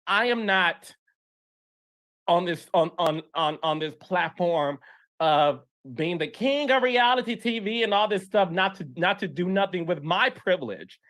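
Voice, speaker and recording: A man's voice: sits high, measured pace, fairly bright tone. A man hosting a podcast, speaking earnestly and emotionally, often repeating himself. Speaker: podcast host.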